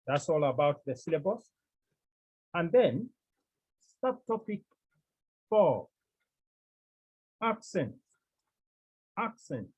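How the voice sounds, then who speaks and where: A man teaching a class, speaking slowly and repeating key terms as he explains step by step. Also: on the high side, sing-song, a little mellow, slightly rough, poor audio. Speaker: Greek teacher. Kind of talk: classroom lesson.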